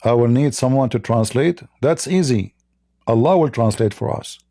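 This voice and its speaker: A man hosting a livestream debate, talking casually in a slow, halting, mocking way. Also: medium pitch, expressive, warm tone, no echo, studio quality.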